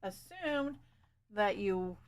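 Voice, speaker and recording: A woman's voice: mid-range voice, big pitch swings, drawn-out words. A woman streamer chatting casually with her viewers while she paints and fixes her stream setup. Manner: chatty, talks to chat while working.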